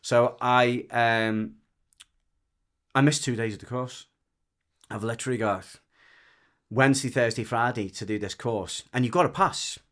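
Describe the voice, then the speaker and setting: A man's voice: mid-range voice, steady tone, unhurried, pauses often, fairly bright tone. A man from the Wirral with a Merseyside accent, telling a story in casual podcast chat, rambling and frank, often restarting and swearing. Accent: Merseyside English. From the Wirral, England. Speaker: dog trainer and podcast guest.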